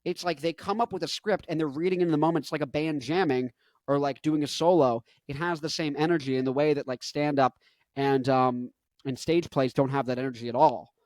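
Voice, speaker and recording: Here a twenty-something man who makes music and vlogs chats on and on, tripping over fillers and correcting himself. The pitch is fairly high, the tone steady and a little mellow, the pace brisk, and there's no echo.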